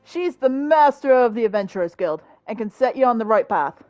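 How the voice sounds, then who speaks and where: A woman's voice: fairly high pitch, lively intonation, brisk, darkish tone, dry recording, highs cut off, lightly acted. A woman voicing a brash young male city tout in a game, with chummy street patter and a wandering accent. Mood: cocky. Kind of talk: voicing game dialogue aloud.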